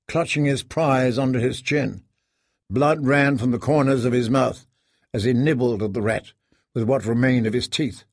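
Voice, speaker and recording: Male audiobook narrator, measured and grave, dry close recording. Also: medium pitch, a little mellow, dry recording.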